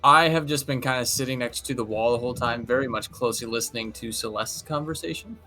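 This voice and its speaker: A man's voice: mid-range voice, fast, bright, forceful tone, soft background music. A man playing a tabletop game, describing his character's actions in casual chat. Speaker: player.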